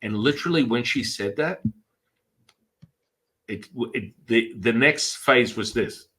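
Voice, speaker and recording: A man's voice: mid-range voice, slow pace, pushed and bright, poor audio. A man, a Taoist priest hosting a podcast, chatting casually and telling rambling stories with acted-out quotes. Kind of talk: casual storytelling chat.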